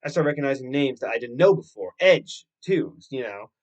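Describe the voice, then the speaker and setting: A young man hosting a podcast, telling a story in an animated, rambling way and swearing freely. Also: medium pitch, fairly quick, lo-fi sound. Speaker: podcast host. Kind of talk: casual solo podcast storytelling.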